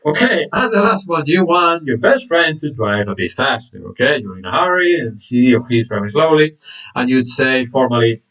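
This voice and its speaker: Lively male English teacher, far from mic. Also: fairly quick. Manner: lively, acts out example phrases with big pitch jumps. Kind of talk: online language lesson.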